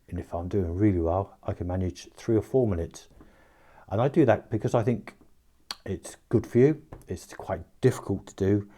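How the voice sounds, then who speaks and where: An older man with a low, mellow voice talks casually and with gentle self-mockery. He chats through his routine in a homely, unhurried way. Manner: chatty, self-mocking, describing his exercise routine. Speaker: home video diarist. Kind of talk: casual home video talk.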